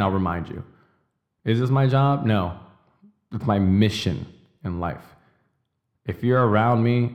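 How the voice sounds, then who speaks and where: A young man hosting a podcast, delivering an intense, emphatic motivational monologue full of profanity and slow, stressed declarations. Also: on the low side, darkish tone. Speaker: podcast host.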